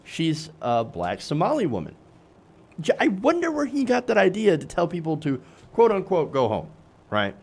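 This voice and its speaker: Male political host, lively pitch, slightly high voice, sarcastic, lots of ums and restarts. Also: moderate pace. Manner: sarcastic, animated, self-correcting with many fillers. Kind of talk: political commentary monologue.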